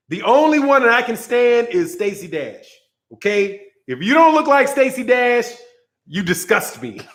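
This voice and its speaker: High-voiced man ranting heatedly. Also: fairly bright tone. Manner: heated, profane, repeats himself, breaks into laughter. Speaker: boxing commentary channel host. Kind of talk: casual ranting commentary.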